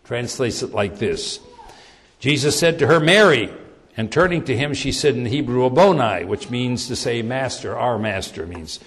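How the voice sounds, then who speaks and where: Animated preacher man in a reverberant hall. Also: medium pitch. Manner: animated, repeats words, slows for emphasis. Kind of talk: sermon.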